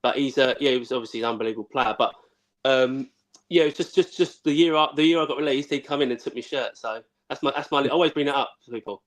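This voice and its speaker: Fast-talking blunt man. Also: mid-range voice. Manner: rapid, blunt, swears freely, many restarts. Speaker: former footballer, guest. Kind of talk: casual storytelling.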